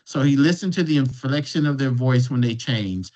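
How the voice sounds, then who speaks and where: A man of middle pitch tells stories as an invited guest, talking in a loose, conversational way. He often stumbles and restarts a phrase before going on. The recording sounds dull and lo-fi. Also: lively intonation, normal speed, a little mellow. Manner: restarts and repeats words while telling a story. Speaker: guest speaker. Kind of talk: conversational storytelling.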